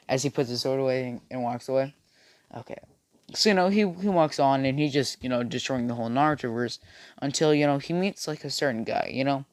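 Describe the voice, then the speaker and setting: A man's voice: medium pitch, dry recording. A young man casually telling a made-up fan story, with many fillers and restarts. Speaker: video creator. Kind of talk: rambling fan-fiction storytelling.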